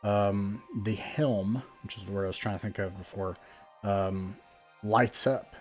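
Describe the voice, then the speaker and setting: A man's voice: fairly low pitch, fairly even intonation, a little slow, soft background music. A man running a tabletop game, describing scenes with lots of ums and restarts. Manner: rambling, many fillers while describing scenes. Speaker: game master.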